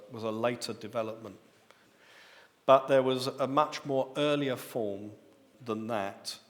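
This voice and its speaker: A man preaching a sermon, teaching step by step and lifting his voice on key words. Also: medium pitch. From United Kingdom. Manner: explanatory teaching, rising emphasis on key words. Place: church hall. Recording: long reverb of a church hall.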